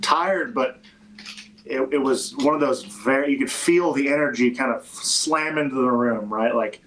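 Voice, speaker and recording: Halting, reflective man. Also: medium pitch, fairly bright tone, a little hiss or hum, rough recording. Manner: halting, many restarts and fillers. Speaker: football player. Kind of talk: interview conversation.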